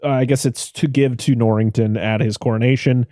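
A man's voice: mid-range voice, steady tone, fairly quick, mellow, no room sound, clean studio sound. A man co-hosting a film podcast, chatting casually and retelling scenes while laughing often. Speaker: podcast co-host. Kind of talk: casual film-review chat.

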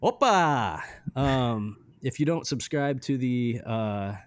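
A man co-hosting a casual music podcast, rambling with many restarts and trailing off quietly. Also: medium pitch, slow pace, clean tone, no room sound, studio quality. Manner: rambling, restarts often, drops quiet at ends of thoughts. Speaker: podcast co-host reviewing music. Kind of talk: casual chat.

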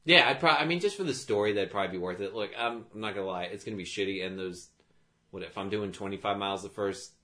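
A man with a fairly low voice jokes with his co-host in casual chat. His humor is dry and crude, and he delivers it offhandedly. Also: fast talker, pushed and bright. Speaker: podcast co-host.

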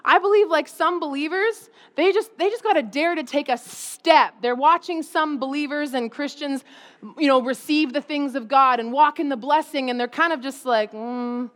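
A woman pastor delivering a casual, conversational sermon with a high-pitched voice. She talks in a lively way, laughing often and slipping into acted-out quotes. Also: moderate pace. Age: adult parent.

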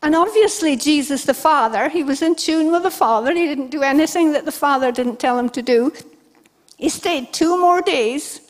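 High-voiced woman preaching a lively sermon. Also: normal speed. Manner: animated storytelling, acting out quoted speech. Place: church service before a congregation.

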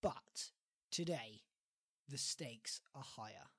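A man's voice: mid-range voice, lively intonation, slow, fairly bright tone, breathy edge, dry recording, studio quality. A man with a West of England accent hosting a casual podcast game, giggling often. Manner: giggly, breaks into laughing fits. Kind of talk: casual game show chat.

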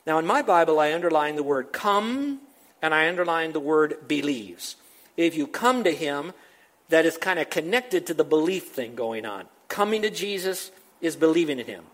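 Older guy preaching, pretty high voice, emphatic, keeps repeating words. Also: animated, normal speed, a bit bright. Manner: emphatic, repetitive preaching with rising exclamations. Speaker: pastor. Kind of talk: sermon.

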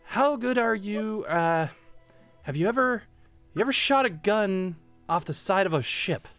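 A man voicing an excitable male gnome who stumbles over his words. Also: high voice, a little slow, no echo, faint music behind, voice pushed up, heavily acted. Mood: eager. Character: eager male gnome gunner.

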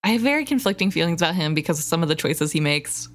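A woman with a lowish voice co-hosts a book podcast in casual chat. She talks in quick, lively bursts, laughs often and is openly emotional about what she reads. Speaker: podcast co-host.

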